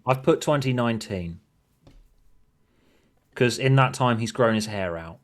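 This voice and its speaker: A man's voice: mid-range voice, unhurried. A laid-back man on a livestream, reading out stage directions as he types a script, with keys clicking behind him. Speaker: co-host typing the script. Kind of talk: casual livestream chat, reading out script lines.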